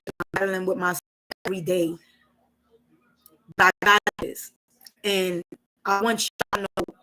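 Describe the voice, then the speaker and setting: A woman's voice: medium pitch, fairly bright tone, poor audio. A woman hosting a casual live stream, talking emotionally and candidly and swearing freely.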